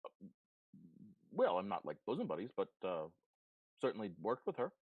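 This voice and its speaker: Man doing a dragonborn barkeeper woman, curt, laconic, very low voice, dry close sound. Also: huge pitch swings, moderate pace, no room sound, phone-quality sound. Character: blunt female dragonborn barkeeper, dry and businesslike.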